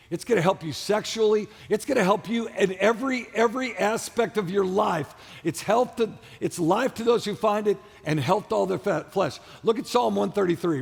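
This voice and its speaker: Pastor guy preaching loud, high gravelly voice, big echoey church hall, keeps getting the crowd to say stuff back. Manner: preaching with call-and-response to the congregation; emphatic, repetitive, shouted peaks. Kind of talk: sermon. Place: large church auditorium. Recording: long hall reverb of a church auditorium.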